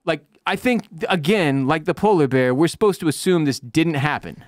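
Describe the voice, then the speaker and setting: A man's voice: on the high side, lively intonation, normal speed, no room sound, clean studio sound. A man co-hosting a podcast, recapping a TV episode in loose, profane casual chat and acting out lines from the show. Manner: loose, profane, acts out quotes in voices. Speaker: podcast co-host.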